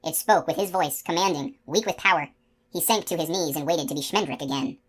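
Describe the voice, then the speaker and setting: Woman narrator, low voice, steady expressive reading, fantasy audiobook. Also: brisk, husky. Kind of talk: scripted narration.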